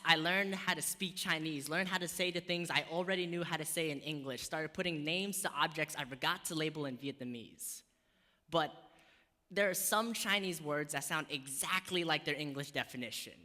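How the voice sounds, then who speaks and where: A young American man performing spoken word poetry, then talking casually about poetry with rhythmic delivery. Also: fairly high pitch. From United States. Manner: rhythmic, shifts from soft recited poetry to lively casual talk. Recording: long hall reverb.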